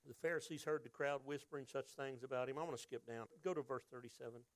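A man's voice: medium pitch, steady tone, fast talker, no room sound. A man preaching a sermon, reading scripture and acting out crowd voices with emphatic delivery. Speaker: pastor.

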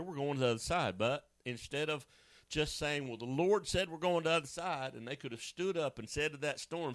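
A man preaching a sermon in a conversational, joking way, acting out people's voices with sudden high jumps. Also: a little fast, a bit bright, no room sound. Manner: conversational and joking, with asides to a co-host. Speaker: pastor.

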